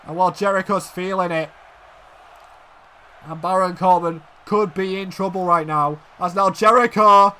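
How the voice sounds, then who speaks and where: At a normal speed, a man gives lively play-by-play of a wrestling video game, going from low murmurs to loud exclamations.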